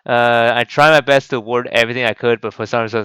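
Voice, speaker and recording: A man's voice: mid-range voice, steady tone, quick pace, few pauses, a bit bright, smooth, dry recording, poor audio. A man hosting a gaming channel, giving casual game commentary and rambling with many restarts and fillers. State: voice cracking.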